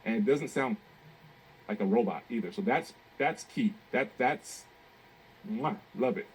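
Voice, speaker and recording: A man giving a relaxed, casual testimonial as a guest. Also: medium pitch, measured pace, a little hiss or hum, rough recording.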